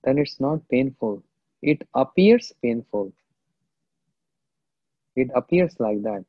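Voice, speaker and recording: This man speaks expressively in a husky, middle-pitched voice, delivering a devotional lecture slowly and thoughtfully, with frequent pauses and verses quoted in an Indian language. He's a spiritual teacher, and the recording sounds tinny, phone-like, dry and close, without any room sound.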